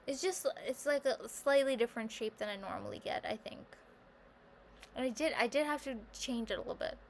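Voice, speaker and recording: A vlogger talks to camera in a casual, rambling, self-reflective monologue, peppering her speech with "like" and getting animated when quoting her own thoughts. Her voice is on the high side and fairly quick, with vocal fry and a slight hiss or hum in the audio.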